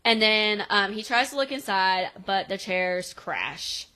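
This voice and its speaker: A woman's voice: mid-range voice, animated, sharp tone, low-quality recording. Woman podcast co-host, casual recap, playful line readings. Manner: acts out the characters' lines in quick voices while retelling.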